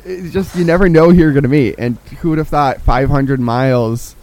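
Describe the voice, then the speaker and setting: A man's voice: fairly high pitch, moderate pace, darkish tone, no room sound, poor audio. A man hosting a podcast, talking in an earnest, reflective way in casual chat. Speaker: podcast host.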